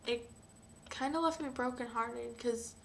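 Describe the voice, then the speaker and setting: A young woman talking hesitantly and emotionally to camera, with frequent sighs and pauses. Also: fairly high pitch, creaky, a little hiss or hum. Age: young adult. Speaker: vlogger. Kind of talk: personal confessional vlog.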